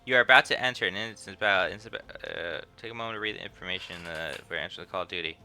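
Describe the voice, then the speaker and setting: A man's voice: low voice, very fast, sharp tone. A young man streaming a game, laughing, swearing and joking as he plays. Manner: laughs a lot, swears, jokey. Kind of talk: casual gameplay commentary. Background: game music.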